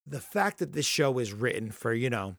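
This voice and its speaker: A man at an average pitch rants through a casual podcast chat, swearing freely as he vents. His voice is close and dry, with no room sound around it. He talks like a regular host sounding off to his co-host. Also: normal speed, gravelly, no room sound. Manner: profane, ranting, animated.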